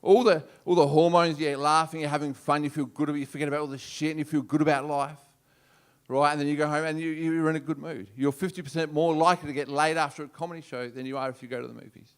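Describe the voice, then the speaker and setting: A man with an Australian accent doing a brash, swearing stand-up routine on a comedy club stage. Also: on the high side. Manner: brash, swearing, punchy delivery.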